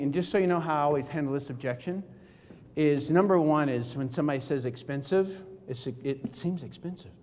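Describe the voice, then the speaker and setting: A man with a notably high, animated voice delivers a seminar talk from the stage. He hammers his points home with emphatic rhetorical questions, and a long reverb from the big hall trails each line. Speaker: keynote speaker.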